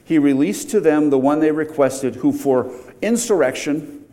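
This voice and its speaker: A man's voice: fairly high pitch, moderate pace, dark tone. A middle-aged man preaching a verse-by-verse sermon, explaining the text and rising to emphatic outbursts on key points.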